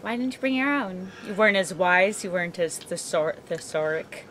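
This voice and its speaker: A woman's voice: lowish voice, expressive, normal speed, fairly bright tone, slight background noise. A woman co-hosting a casual podcast chat, teasing and playful, laughing often. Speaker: podcast co-host.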